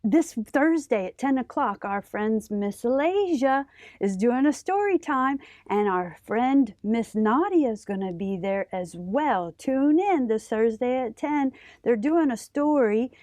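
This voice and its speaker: Woman, children's librarian host, high voice, dry close sound, encouraging. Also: expressive, unhurried, a little mellow, dry recording. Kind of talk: children's story time show.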